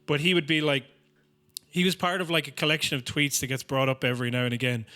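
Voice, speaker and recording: A man's voice: fairly high pitch, steady tone, quick pace, pushed and bright. An Irish man on a podcast, ranting and swearing in a casual comedic way. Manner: sweary, ranting, slips into mocking quote voices. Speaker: podcast co-host.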